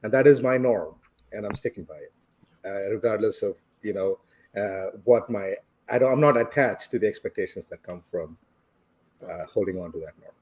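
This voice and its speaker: A man's voice: lowish voice, moderate pace, a little mellow, slightly rough. A man from India, reflectively telling a personal story as a podcast guest and chuckling along the way. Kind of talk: casual storytelling.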